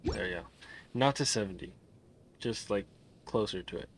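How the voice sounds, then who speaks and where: A man's voice: on the low side, moderate pace. Sleepy, mumbling man streaming a game. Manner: drowsy, soft-spoken, trailing off and mumbling. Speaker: livestreamer. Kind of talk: casual live game stream chat.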